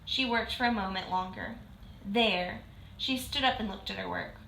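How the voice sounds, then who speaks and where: A woman reading a children's book aloud in a clear, steady storytelling manner. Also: medium pitch, fairly quick. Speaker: reader. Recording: roomy echo.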